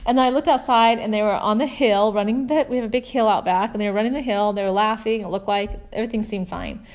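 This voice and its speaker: A woman in her forties, a mother talking through a faith story and scripture lessons in a chatty, earnest way, softer when she reads verses. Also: medium pitch, steady tone, fast talker. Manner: chatty storytelling, warm earnest asides with soft laughs. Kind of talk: casual religious talk.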